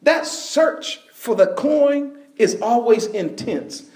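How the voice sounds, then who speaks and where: A man preaching a sermon, telling a story with bursts of shouting and laughter. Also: extremely high pitch, lively intonation, takes it slowly, reverberant.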